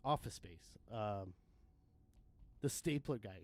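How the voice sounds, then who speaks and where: A man's voice: medium pitch, animated, normal speed, darkish tone. A man in his thirties or forties, rambling casually and profanely while streaming a game, with frequent laughs. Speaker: livestream gamer. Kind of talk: casual gaming commentary.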